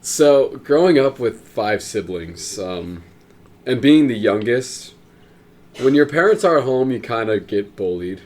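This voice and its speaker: A man's voice: medium pitch, expressive, measured pace, darkish tone. A young man co-hosting a podcast, telling a childhood story in a dry, rambling way. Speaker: podcast co-host. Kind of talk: casual chat. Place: room with a pool table.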